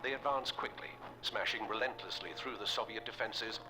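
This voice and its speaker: A man giving a grave, measured scripted narration for a war game's opening. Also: fairly low pitch, noisy background, lightly acted. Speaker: game intro narrator. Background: music.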